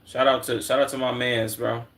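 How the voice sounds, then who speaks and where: A man's voice: medium pitch, flat delivery, moderate pace, a bit bright. A young man from Chicago streaming, chatting casually in a laid-back, slangy, profane way at a desk microphone.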